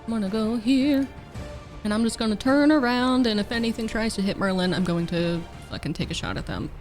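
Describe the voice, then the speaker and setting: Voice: mid-range voice, lively intonation, a little fast, a little mellow, soft background music. A player in a tabletop game, planning moves aloud in a plain way. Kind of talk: casual tabletop play.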